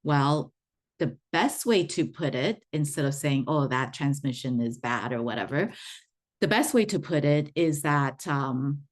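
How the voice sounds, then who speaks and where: A woman's voice: low voice, animated, unhurried. A woman talking as a spiritual teacher, explaining in a chatty way and repeating words for emphasis. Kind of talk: explanatory online talk.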